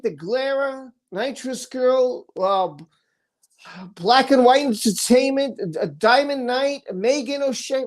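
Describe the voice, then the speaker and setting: Her voice sits high with a darkish quality. On a relaxed livestream, this host pours out thanks to her audience, her words tumbling together.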